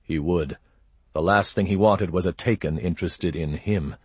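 A husky male narrator reading fiction aloud in a measured, steady way. His voice is low and close to the mic, in a dry, deadened space. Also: no echo. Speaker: audiobook narrator. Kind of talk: scripted narration.

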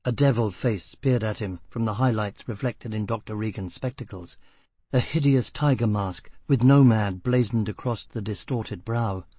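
A man reading a novel aloud as narrator, in a measured, even way. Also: on the low side, breathy edge, no room sound. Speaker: audiobook narrator. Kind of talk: scripted narration.

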